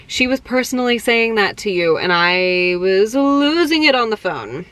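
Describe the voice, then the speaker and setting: A young woman vlogger telling excited personal stories in a casual, chatty way, full of fillers. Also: lowish voice, brisk, hardly any pauses, no echo. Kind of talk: casual storytelling to camera.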